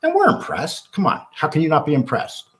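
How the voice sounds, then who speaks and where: A man being interviewed, telling a long story in an animated, blunt way, acting out what others said and swearing freely. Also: on the high side, fairly quick. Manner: animated storyteller acting out quotes, frequent restarts. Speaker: guest.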